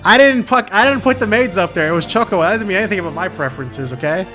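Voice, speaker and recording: A man's voice: high voice, lively intonation, fast. Swearing, self-mocking male game streamer. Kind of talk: casual game let's-play commentary. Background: background music.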